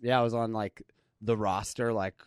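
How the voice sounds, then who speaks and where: A man with a slight lisp and a mixed Seattle and New York accent that comes out Midwestern, joking deadpan as a podcast guest. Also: lowish voice, moderate pace, clean tone, dry recording, studio quality. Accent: mixed Seattle and New York, heard as Midwestern. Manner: deadpan joking, laughs often. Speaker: guest comedian. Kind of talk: casual podcast chat.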